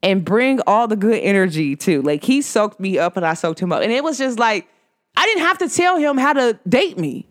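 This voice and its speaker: A woman hosts her own podcast in a loose, chatty way. She tells stories with animated energy and scatters "like" through her speech. Her voice sits at an ordinary middle pitch. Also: normal speed. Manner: animated storytelling, filler-heavy with frequent "like". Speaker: podcast host. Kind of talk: casual spiritual chat.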